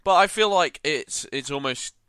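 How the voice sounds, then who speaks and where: Bright-toned man giving game commentary. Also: fairly high pitch, expressive, moderate pace, smooth, no echo. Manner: thoughtful, rambling, frequent fillers and self-corrections. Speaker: gaming channel host. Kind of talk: live gameplay commentary.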